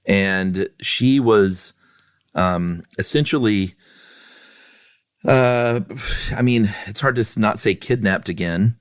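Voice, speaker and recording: A man co-hosting a podcast in casual chat, relaxed and self-deprecating with many fillers. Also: on the low side, slow, dry recording, clean studio sound. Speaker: podcast co-host.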